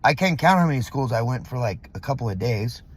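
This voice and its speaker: A man's voice: mid-range voice, lively intonation, brisk, husky. A middle-aged man from Southern California, venting in a rambling, profane vlog monologue full of fillers, recorded in a parking lot. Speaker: vlogger.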